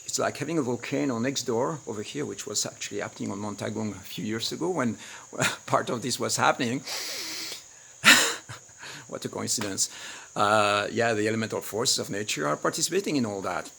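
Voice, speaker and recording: Guy with a low gravelly bright voice teaching a webinar, acts out lines loud then soft, faint crickets behind. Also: brisk, a little hiss or hum. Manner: acts out quoted lines with big swings in volume. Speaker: webinar host and relationship coach. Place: home studio in rice fields, outdoors nearby.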